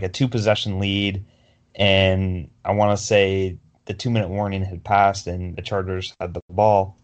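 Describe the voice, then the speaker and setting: A young man with a low voice co-hosts a casual sports podcast. He rambles through his stories, full of fillers and restarts. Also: dull audio. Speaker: podcast co-host.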